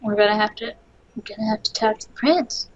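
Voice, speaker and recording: A woman's voice: medium pitch, fairly quick, muffled recording. A woman co-hosting a game let's play, cracking profane, joking asides. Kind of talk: casual gaming banter.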